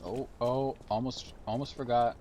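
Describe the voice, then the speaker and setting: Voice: medium pitch, fairly even intonation, unhurried, darkish tone, a little hiss or hum. A streamer chatting casually while playing a game, rambling and joking sarcastically. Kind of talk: casual live game commentary.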